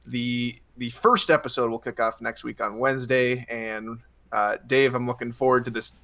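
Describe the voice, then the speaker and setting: A man's voice: mid-range voice, fairly even intonation, normal speed, vocal fry, a bit bright. A man speaking as a guest panelist in casual chat, eager and a bit nervous.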